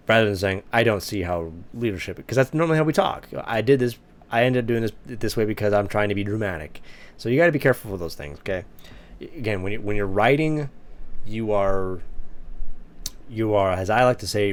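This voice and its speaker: A young man with a lowish voice talks through his old manuscript, poking fun at his own writing. He rambles casually, with plenty of fillers and restarts. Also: expressive, a little fast. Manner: self-mocking, chatty, many fillers and restarts. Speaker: writing vlogger.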